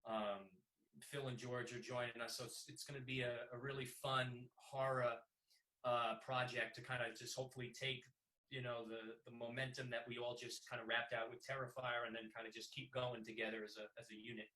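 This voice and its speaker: A man's voice: medium pitch, little pitch movement, a little fast, sharp tone, poor audio. A man, a filmmaker guest, chatting casually on a video call and laughing often.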